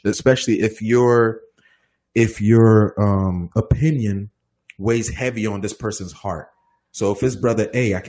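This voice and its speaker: A man with a low, slightly husky voice talks through a question like a minister giving advice. He is relaxed and conversational but very animated, jumping up in pitch to mimic the people in his stories. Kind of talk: casual Q&A advice talk.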